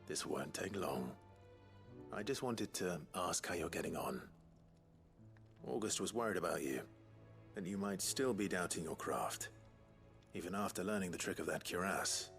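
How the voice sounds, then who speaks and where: An actor playing an earnest young warrior who speaks calmly and in a measured, soft-spoken way. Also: male voice, low-pitched, vocal fry, faint music behind, heavily acted.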